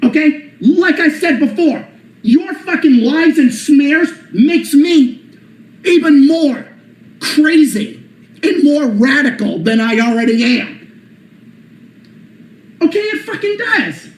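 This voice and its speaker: High-voiced man ranting in an echoey room. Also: animated, slow pace, pauses often. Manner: heated, profane ranting. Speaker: channel host. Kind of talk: livestream rant. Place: apartment room.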